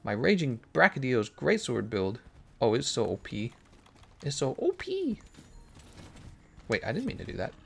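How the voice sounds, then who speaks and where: A man's voice: medium pitch, sing-song, a little fast, creaky, a little hiss or hum. A man streaming a game live, chatting casually, joking, thinking aloud and answering his viewers' questions. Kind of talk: casual live-stream commentary while playing.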